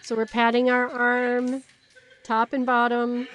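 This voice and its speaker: A woman's voice: on the high side, completely flat delivery, slow pace, fairly bright tone, a little hiss or hum. A woman leading a guided laughter yoga class, playful and encouraging, often breaking into giggles. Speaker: yoga instructor.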